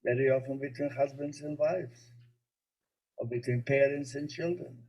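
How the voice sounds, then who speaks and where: A man who is a rabbi, giving a spiritual teaching talk that he fills with stories and gentle humor. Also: medium pitch, fairly even intonation, moderate pace, dull audio. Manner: storytelling, gently humorous, warmly explanatory.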